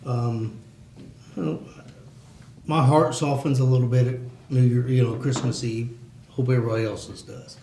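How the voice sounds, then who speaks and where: A man's voice: medium pitch, steady tone, normal speed, pauses often, dark tone, slight background noise. A man talking at a community meeting in a plainspoken way, heated in bursts. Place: meeting room. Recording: echoey meeting room.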